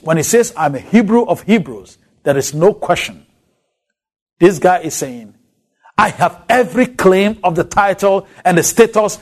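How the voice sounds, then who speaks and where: A man with a Ghanaian accent gives a Bible lecture in a fairly high voice. His pitch rises and falls widely as he lays heavy, drawn-out stress on key words. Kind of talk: recorded lecture.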